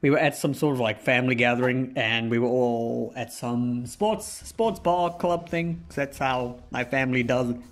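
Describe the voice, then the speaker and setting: A man's voice: medium pitch, moderate pace, hardly any pauses, a little hiss or hum. A young man giving rambling, sarcastic commentary while playing a game, often trailing off and restarting his sentences. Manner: wandering, sarcastic, self-interrupting. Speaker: gaming YouTuber. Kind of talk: rambling commentary over gameplay.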